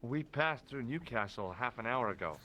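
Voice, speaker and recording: An actor playing a wry, dry-humored American tourist hero who also narrates the game. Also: male voice, medium pitch, expressive, moderate pace, bright, forceful tone.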